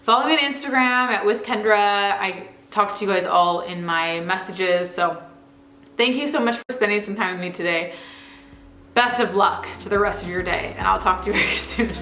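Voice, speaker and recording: A woman's voice: mid-range voice, normal speed, sharp tone. A young woman vlogger chatting casually to camera at home, full of fillers and asides. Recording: roomy echo.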